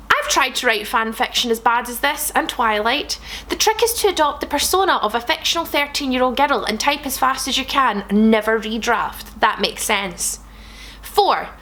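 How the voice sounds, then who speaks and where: High, bright young woman reading comically. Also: moderate pace. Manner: animated, sarcastic, swears freely. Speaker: comedian reading fan fiction aloud. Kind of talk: comic read-aloud.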